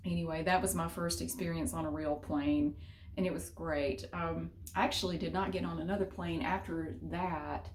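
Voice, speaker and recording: Chatty woman, low voice, roomy room. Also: moderate pace, a little hiss or hum. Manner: chatty, animated, laughing asides, mild cussing. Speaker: vlogger. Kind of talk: casual storytelling. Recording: roomy echo.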